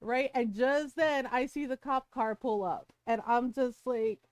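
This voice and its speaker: A woman streamer with a fairly high voice tells a story to her live chat in a casual way. She is animated and swears freely, and she acts out what each person said. The sound is close and dry. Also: measured pace, no echo.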